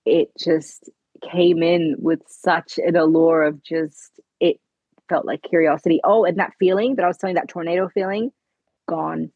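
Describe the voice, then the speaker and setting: A woman's voice: lowish voice, fairly even intonation, normal speed, dry recording, phone-quality sound. A middle-aged woman, a podcast guest telling her story earnestly in conversation and acting out the dialogue. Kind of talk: conversational interview.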